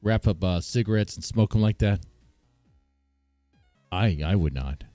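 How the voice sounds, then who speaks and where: A man's voice: on the low side, expressive, a little slow, warm tone, no room sound. A man streaming live, reacting with bemused chatter to his viewers and stammering when surprised. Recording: dry close mic with faint guitar music.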